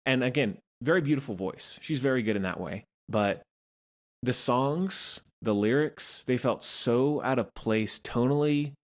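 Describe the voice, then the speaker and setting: A man's voice: medium pitch, measured pace. A young adult man hosting a solo film review podcast, talking casually and frankly, with frequent fillers. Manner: frank, conversational, hedging with fillers. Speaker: podcast host reviewing films.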